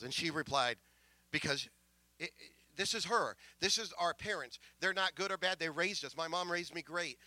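Emotional preacher man, bright and dry. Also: on the high side, normal speed, dry recording. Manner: emotional, rising from soft asides to loud proclamations; stammering restarts. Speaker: pastor. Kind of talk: sermon storytelling.

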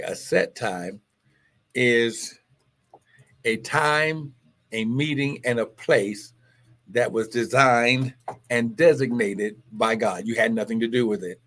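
A man preaching and praying on a live stream, fervent, with many exclamations and calls to agree. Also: medium pitch. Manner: fervent, call-and-response exclamations. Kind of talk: live-streamed sermon and prayer.

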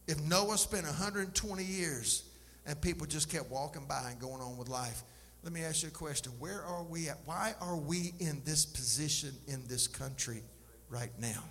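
A man's voice: on the high side, normal speed, fairly bright tone. A man preaching a sermon as pastor, emphatic and impassioned, with folksy asides to his congregation. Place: church sanctuary. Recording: live church recording, long reverb, faint noise.

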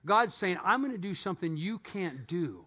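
A middle-aged male pastor preaching a sermon in a church, telling stories with animated energy and joking asides. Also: sits high, normal speed.

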